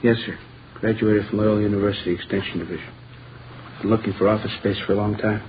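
A man's voice: on the low side, little pitch movement, quick pace, highs cut off, a little hiss or hum, close to an everyday voice. A man playing a young lawyer who answers politely and deferentially in an old radio drama. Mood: upset. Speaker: new lawyer.

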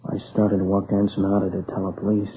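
An actor playing a grieving, exhausted young man who recounts an attack in a halting, shaken voice, in a 1950s radio crime drama. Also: low voice, completely flat delivery, lightly acted. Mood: weary. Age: young adult. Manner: shaken, halting, near tears. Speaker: robbery and murder witness. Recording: tinny old radio broadcast, faint hiss.

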